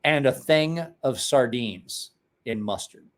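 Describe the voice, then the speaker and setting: Late at night, a tired forties-aged man from Ohio rambles through profane, folksy stories on his livestream, voicing the quoted lines himself. He speaks slowly, at a medium pitch, with lively intonation.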